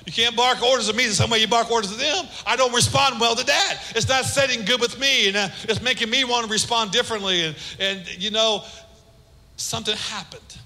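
Bright-toned preacher in an echoing hall. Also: male voice, brisk. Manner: animated, swings between loud emphasis and soft low asides. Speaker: pastor. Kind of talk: sermon. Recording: echoey hall with long reverb.

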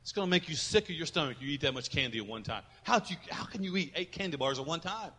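A man voicing a curious little boy in a park in a quiet, scolding way. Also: on the high side, animated, quick pace, husky, long reverb tail, full character voice.

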